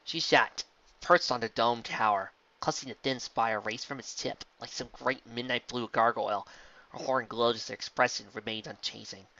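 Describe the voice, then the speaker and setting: A man narrating fan fiction in a steady, earnest storybook reading. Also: medium pitch, normal speed, dull audio.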